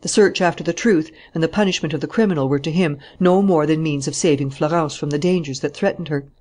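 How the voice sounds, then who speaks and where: An audiobook narrator reading a novel in a steady, even storytelling manner. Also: medium pitch, fast. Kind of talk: scripted narration.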